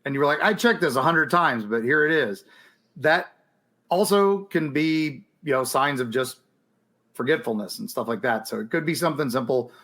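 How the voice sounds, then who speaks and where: A man's voice: medium pitch, moderate pace. A man co-hosting a podcast, chatting casually and rambling a little while answering listener questions. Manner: relaxed, rambling, hesitant with ums. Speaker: podcast co-host.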